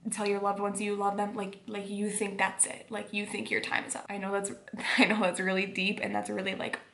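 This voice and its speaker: A woman's voice: medium pitch, completely flat delivery, a little fast, creaky, fairly bright tone, a little hiss or hum. A young woman vlogger telling a personal story at home at bedtime, rambling with lots of fillers. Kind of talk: casual storytelling vlog.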